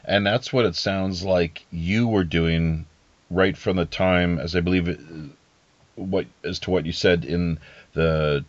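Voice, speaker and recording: A podcast host interviews a guest in a casual, rambling manner, hesitating often and full of fillers and restarts. His voice sits low with a steady tone and measured pace, and the audio is dull but free of echo.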